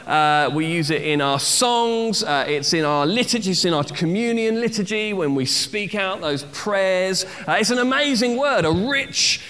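Bright-voiced preacher with slow, hall-echoing delivery. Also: male voice, high voice, expressive. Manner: teaching, with acted-out cries and repeated phrases. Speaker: pastor. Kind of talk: sermon.

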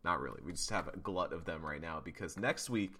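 A man's voice: low-pitched, a little fast, pushed and bright, breathy edge. A man hosting a podcast, signing off in a casual, upbeat and rambling way. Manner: upbeat, rambling, laughing often. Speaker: podcast host. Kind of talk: casual chat.

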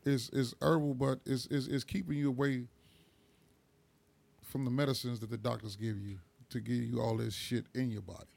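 A man's voice: mid-range voice, flat delivery, moderate pace, gravelly, a little mellow. A man in casual chat, telling stories in a laid-back way with plenty of slang.

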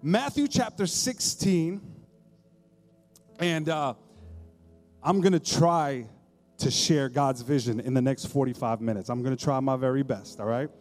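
A man preaching a sermon as pastor, conversational and joking, at times dropping to a soft, intimate tone. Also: medium pitch, unhurried, pauses often. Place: church stage. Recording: long hall reverb, faint music behind.

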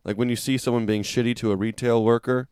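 A man co-hosting a podcast, telling a story in casual chat, animated and profane, loudly acting out what people said. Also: medium pitch, fast talker, clear, resonant tone, no echo, studio quality. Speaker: podcast co-host.

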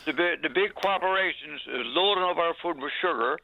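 Phone-in caller, man with a gravelly, somewhat high voice, complaining, tinny phone line. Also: brisk, no echo. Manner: complaining, questioning. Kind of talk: phone-in call.

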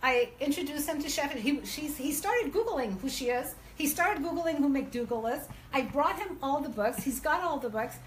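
A woman with a high voice tells her own story as a podcast guest. She talks casually and acts out the people in it with a lively delivery. Faint background noise sits under her voice. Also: normal speed, hardly any pauses, poor audio. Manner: lively, acts out quoted dialogue.

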